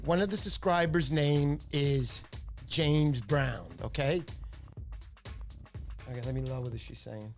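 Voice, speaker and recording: A man hosting a casual fishing livestream, chatty and animated, with a stuffy nose from a cold. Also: medium pitch. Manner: chatty storyteller, animated impressions.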